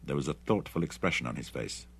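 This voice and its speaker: Deep husky man narrating an adventure novel. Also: quick pace. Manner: expressive, dramatic reading. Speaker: audiobook narrator. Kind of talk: scripted narration.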